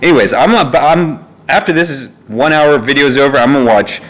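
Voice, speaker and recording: A young vlogger with a medium-pitched, bit bright voice talks a little fast in a loose, rambling monologue, frequently dropping in fillers and asides. He records on a phone in a neck holder, indoors at his family home.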